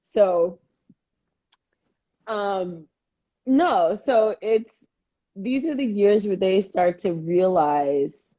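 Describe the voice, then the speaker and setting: A woman co-hosting a casual chat show, telling stories in a lively way and acting out the people she quotes. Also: mid-range voice, extremely slow, pauses often. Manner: animated storytelling, acting out quoted dialogue. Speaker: podcast co-host. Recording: dull lo-fi audio.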